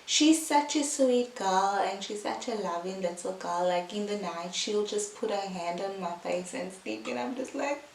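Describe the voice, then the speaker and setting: A young woman talks slowly and openly to her viewers about life as a new mother, her speech loose and full of fillers. Her voice sits back from the mic in a reverberant room. A faint hiss runs under the recording. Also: mid-range voice, distant mic. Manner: chatty, heartfelt, fillers like "like" and "um". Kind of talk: casual vlog chat.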